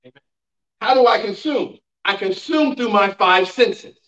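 Unhurried and fairly bright, his high-pitched voice carries lively intonation as he teaches a Bible class. The pastor preaches emphatically in the church sanctuary, trading call-and-response and posing rhetorical questions to the congregation, heard through a distant mic that sounds roomy and dull.

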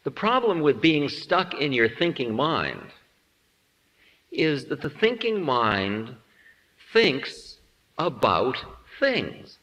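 A man giving a humorous spiritual talk as a teacher, playful and quick to act out little scenes. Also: on the high side, huge pitch swings, bright, forceful tone. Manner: playful, acts out voices in anecdotes. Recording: long hall reverb.

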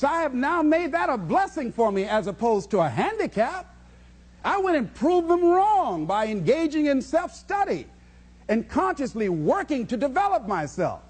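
A man's voice: very high-pitched, sing-song, normal speed. A man giving a motivational speech in a preachy, rhythmic way, repeating key phrases. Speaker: motivational speaker.

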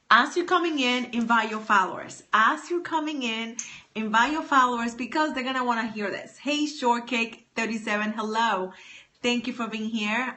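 A woman's voice: a little high, pushed and bright. Bubbly woman welcoming livestream viewers. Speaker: livestream host. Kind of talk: casual livestream greeting viewers. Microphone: phone or webcam.

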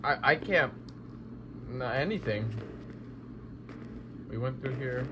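A man's voice: medium pitch, takes it slowly, background noise. A young man commentating a horror game let's play, talking to himself and exclaiming at scares. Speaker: gaming YouTuber.

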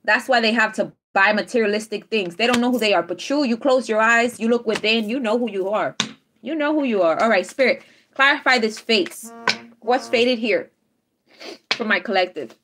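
A woman's voice: on the high side, moderate pace, noisy background. A woman giving a live tarot reading to her viewers, emphatic and repetitive, checking in with them often. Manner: emphatic, repeats affirmations, checks in with "all right?". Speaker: tarot reader.

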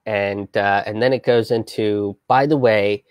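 Halting man telling a personal story. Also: lowish voice, steady tone, clear, resonant tone, no room sound. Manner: halting, with many restarts and swearing. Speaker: comedian telling a personal story on a live stream. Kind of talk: casual storytelling on a live stream.

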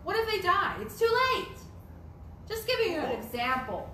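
A woman's voice: very high voice, sing-song, moderate pace, bright, forceful tone, a little hiss or hum. A woman teaching a Bible study, emphatic and repetitive, asking rhetorical questions. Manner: emphatic, repeats phrases, asks rhetorical questions. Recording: echoey room.

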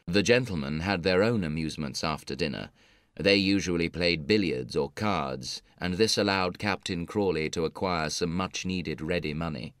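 A man narrating a story for English learners in a measured, clear reading. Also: low voice, a bit bright, no echo, studio quality.

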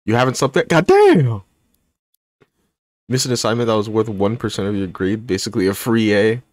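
A man's voice: fairly low pitch, fairly even intonation, fast, no room sound, clean studio sound. A man chatting casually with viewers on his live stream, joking and swearing freely.

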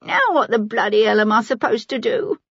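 A woman's voice: on the high side, lively intonation, fairly bright tone, slightly rough, no echo, lo-fi sound, pitched above the performer's own voice, exaggerated voice. A woman narrator voicing a frightened, cheeky young street girl with brash slang, in an audiobook. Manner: brash, quick, working-class slang.

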